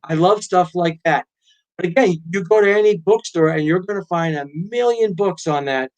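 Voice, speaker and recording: Man, middle-aged, slightly high voice, lively storyteller, interview guest. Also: moderate pace, highs cut off. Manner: animated storyteller, acts out quotes. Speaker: guest, author and pilot. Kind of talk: casual interview chat.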